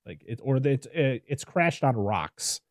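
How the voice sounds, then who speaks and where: A man hosting a casual podcast film review, rambling and animated with lots of restarts. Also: mid-range voice, measured pace, no echo, clean studio sound. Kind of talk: casual chat.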